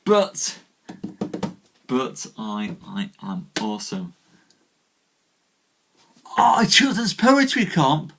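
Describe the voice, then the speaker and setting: Male host, mid-pitch and very animated, casual banter with a live chat before a story. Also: breathy edge. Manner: animated, greets viewers warmly by name, self-deprecating. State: a little tired. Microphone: webcam or desk mic on a live stream.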